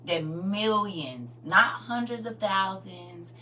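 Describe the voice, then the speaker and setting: A woman ministering on a livestream, emotional and close to tears, swinging from loud preaching to soft near-whispers and calling listeners honey and y'all. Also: deep voice, normal speed, distant mic. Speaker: online minister and livestream host.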